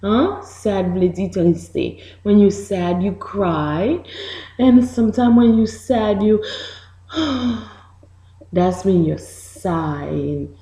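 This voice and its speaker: A woman with a Haitian accent reading a picture book to young children, explaining each word slowly and patiently in two languages. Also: mid-range voice, lively intonation, warm tone, echoey room.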